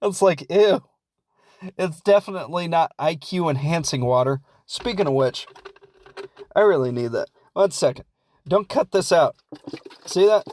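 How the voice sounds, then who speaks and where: A man's voice: fairly high pitch, animated, normal speed, a little mellow. Rambling, jokey Midwestern American man. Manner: rambling, jokey, self-deprecating. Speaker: podcast host. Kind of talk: casual comedic film recap.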